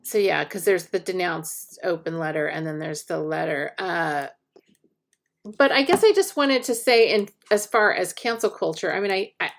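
Low gravelly-voiced woman co-hosting a podcast. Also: lively intonation, normal speed. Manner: thoughtful, hesitant, with many restarts. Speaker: podcast co-host. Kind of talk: casual discussion.

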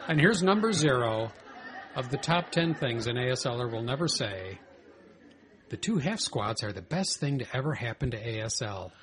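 A man co-hosting a podcast, trading dry, deadpan jokes in casual chat. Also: mid-range voice, moderate pace, some chatter behind. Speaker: podcast co-host.

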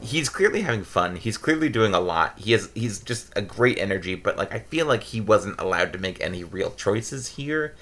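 A man's voice: lowish voice, expressive, moderate pace, few pauses, a bit bright. An American man co-hosting a podcast, chatting casually about a movie in a rambling, self-interrupting, joking way. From United States. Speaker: podcast co-host. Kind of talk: casual movie review chat.

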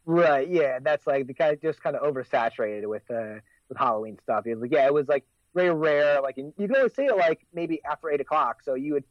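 A man's voice: a little high, animated, a little fast, few pauses, no room sound, lo-fi sound. An American man in his forties, co-hosting a casual podcast chat and rambling with lots of fillers and restarts. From United States. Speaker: podcast co-host.

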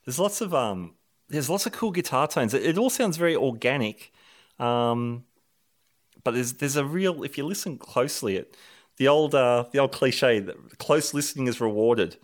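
A man interviewing a musician about his record, enthusiastic and quick with short replies. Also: medium pitch, expressive. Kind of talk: conversational interview.

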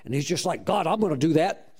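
A male pastor telling stories in a sermon, animated and exclaiming praise often. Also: on the high side, fast, breathy edge. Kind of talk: sermon storytelling.

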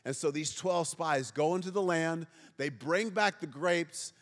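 A middle-aged pastor preaches to his congregation in a light, self-mocking way, tossing questions out to the room. His voice is slightly higher than most men's. The sound carries a long reverb from a large church hall. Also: measured pace, fairly bright tone. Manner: joking, self-deprecating, quizzes the congregation. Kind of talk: humorous sermon. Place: church sanctuary before a congregation.

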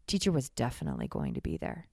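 A woman's voice: a bass voice, fast talker, vocal fry, dry recording. Candid young woman telling her own story, wry, with a dry recording. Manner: candid, animated, wry, acts out quoted voices. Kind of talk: personal storytelling monologue.

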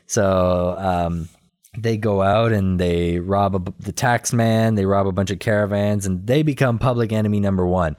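A man in casual chat, retelling a cartoon episode in a rambling, animated way with quick quoted voices and laughter. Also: sits low. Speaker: podcast co-host recapping a cartoon episode.

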